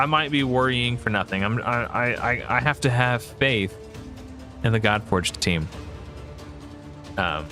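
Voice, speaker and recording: Hesitant man thinking out loud. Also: mid-range voice. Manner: rambling, hesitant, frequent restarts and fillers. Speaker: gaming video creator. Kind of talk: casual thinking-aloud commentary.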